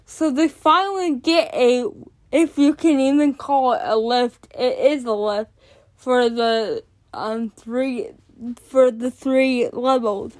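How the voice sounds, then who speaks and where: A woman's voice: sits high, takes it slowly, darkish tone. A woman hosting a podcast, telling a personal story in casual talk, exasperated and swearing now and then. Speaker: podcast host.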